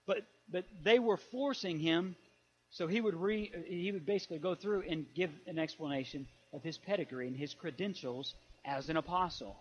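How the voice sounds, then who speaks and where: A man preaching a conversational sermon as a pastor, reading scripture with animated emphasis. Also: a little high, moderate pace. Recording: dull lo-fi sound.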